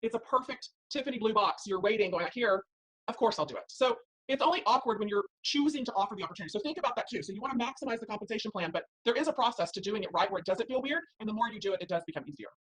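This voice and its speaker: Fast-talking, husky-voiced saleswoman. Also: medium pitch, animated, low-quality recording. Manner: upbeat, persuasive. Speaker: direct sales seller. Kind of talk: motivational sales talk.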